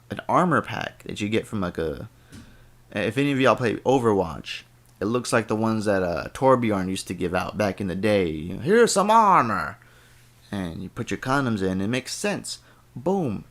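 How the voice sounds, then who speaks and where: A man co-hosting a podcast in casual chat, rambling and joking, with cursing and playful quoted voices. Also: lowish voice. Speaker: podcast co-host.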